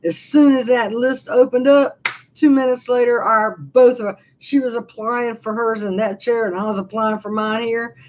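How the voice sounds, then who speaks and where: A woman's voice: fairly high pitch, fairly even intonation, normal speed, darkish tone. A woman in her sixties chatting casually from her living room, telling rambling stories with many restarts. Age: 60s. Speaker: vlogger. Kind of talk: casual live-stream chat.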